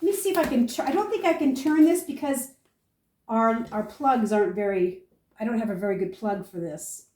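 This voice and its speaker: An older woman homesteader, chatting through a food-storage demonstration and telling stories in a lively, animated way. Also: a little high, normal speed, echoey room, far from the mic. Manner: chatty, animated storyteller, talks viewers through each step. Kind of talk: casual how-to and storytelling.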